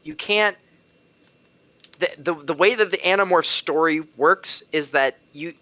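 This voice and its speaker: A man with a bright, forceful voice, talking casually on a podcast. He explains his opinions at length, pushes back on the others and riffs playfully. His pitch sits a little high. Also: measured pace, dry recording. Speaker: regular co-host.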